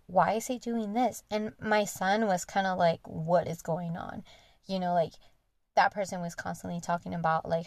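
A young woman hosting a podcast candidly retells a personal story in an earnest, conversational monologue. Her voice is on the low side with vocal fry, and there's no room sound.

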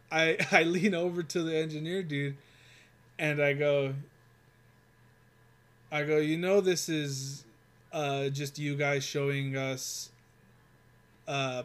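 A man's voice: on the high side, steady tone, normal speed. A young man telling a rambling, profanity-filled work story in casual chat, with lots of fillers.

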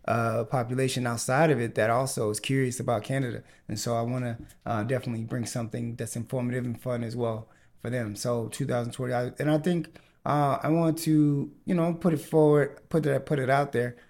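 A man's voice: mid-range voice, fairly even intonation, a little fast, darkish tone. A man hosting a casual podcast chat, talking with many fillers and restarts. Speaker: podcast host.

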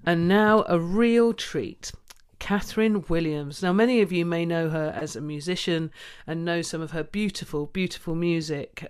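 A man's voice: fairly high pitch, clean tone. A man presenting a radio book show, enthusiastic and effusive.

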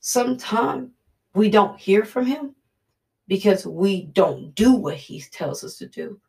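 Brief: woman preacher, casual devotional teaching, mid-pitched, very creaky and gravelly. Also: lively intonation, slow pace, a little mellow. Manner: earnest, repetitive, conversational preaching.

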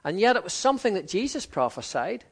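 A man preaching a sermon in a conversational way, acting out quoted voices. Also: fast talker. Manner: conversational, acts out quoted voices with lively pitch swings.

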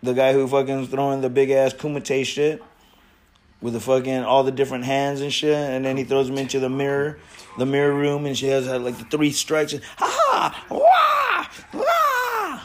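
A man hosting a casual reaction chat from a garage, loud and profane, breaking into shouts and laughter. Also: mid-range voice, little pitch movement, fairly quick, slight background noise. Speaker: host of a smoking stream show.

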